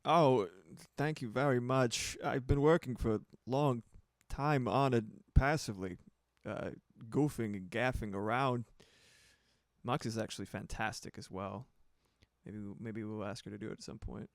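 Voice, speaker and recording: A man's voice: medium pitch, measured pace, no room sound, studio quality. Rambling man streaming as he produces music. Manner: rambling, laughs often, casual swearing. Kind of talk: casual livestream chat while producing.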